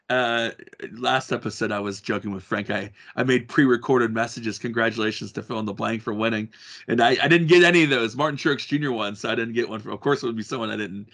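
A man's voice: mid-range voice, a bit bright. A man co-hosting a podcast, chatting casually about motor racing, rambling with many restarts and fillers. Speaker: podcast co-host. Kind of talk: casual sports chat.

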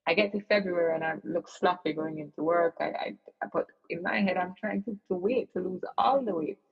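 Brief: woman guest, earnest and reflective, gravelly voice, dull lo-fi recording. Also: on the low side, brisk. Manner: earnest, reflective, with frequent fillers and restarts. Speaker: interview guest. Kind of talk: personal storytelling in casual chat.

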